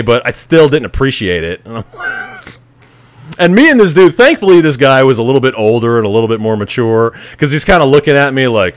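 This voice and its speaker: Give me a man telling a story on his podcast, casual and profane, with a lively, swinging delivery. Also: mid-range voice, a little fast, dry recording. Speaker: podcast host.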